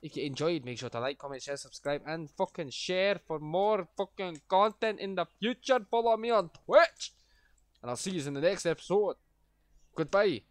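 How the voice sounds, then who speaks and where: A man's voice: high-pitched, expressive, moderate pace, no room sound. Foul-mouthed ranting young man. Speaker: gaming streamer. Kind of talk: casual gameplay commentary.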